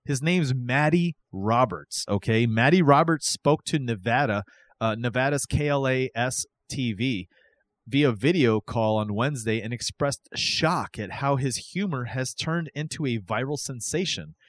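An animated man co-hosting a casual podcast. His pitch sits in the middle of the male range. He reads out news items with lively asides, and the recording is dry and close. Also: a little slow, dry recording. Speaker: podcast co-host.

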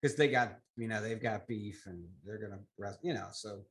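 A man's voice: lowish voice, moderate pace. A man co-hosting a wrestling podcast, talking in a casual and chatty way. He gives his opinions freely and jumps from one point to the next. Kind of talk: casual chat about wrestling.

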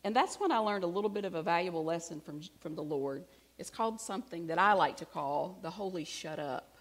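A middle-aged woman from Alabama, preaching with a Southern accent in a somewhat low voice. She tells stories on herself in a casual, self-deprecating way, dropping into hushed asides for effect. The tone stays conversational rather than formal. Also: lively intonation, brisk. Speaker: pastor. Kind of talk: sermon.

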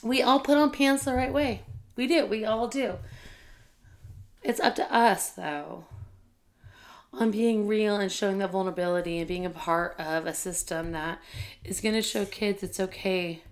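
Gravelly-voiced woman telling a heartfelt story. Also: mid-range voice, steady tone, measured pace. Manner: candid, heartfelt, tearful at times, many fillers. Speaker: school teacher and administrator. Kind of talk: emotional personal storytelling.

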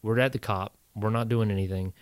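A man's voice: fairly low pitch, fairly quick, clean tone, no room sound. A combat veteran, a man, telling war stories casually on a podcast, swearing freely and acting out the voices he quotes. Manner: animated storyteller, swears, acts out quoted voices. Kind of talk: casual storytelling. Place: indoor podcast setup.

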